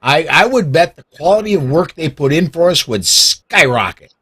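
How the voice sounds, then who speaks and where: A man's voice: fairly high pitch, very animated, normal speed, fairly bright tone, husky. A man hosting a political podcast in casual talk, who starts with hesitant restarts and then builds to emphatic points. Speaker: podcast host.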